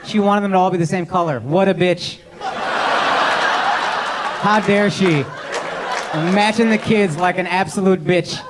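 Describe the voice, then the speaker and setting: He speaks in a high voice, taking his time and pausing often, as he teases the crowd through a handheld mic. The brash, profane stand-up comedian is in his thirties, and heavy background noise from audience laughter and clapping fills this live club set.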